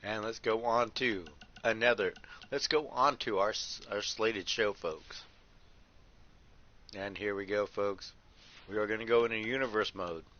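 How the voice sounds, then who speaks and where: A man calling wrestling play-by-play over a video game like a ring announcer, tacking "folks" onto almost every line and bursting into shouts at big moves. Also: fairly low pitch, unhurried. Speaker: host and play-by-play commentator. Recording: muffled audio with steady background noise.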